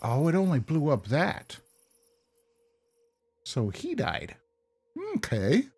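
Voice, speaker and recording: Male let's-player, casual self-deprecating commentary; slightly high, animated voice. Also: slow, slight background noise. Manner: chatty, self-deprecating, talks to himself. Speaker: gameplay commentator.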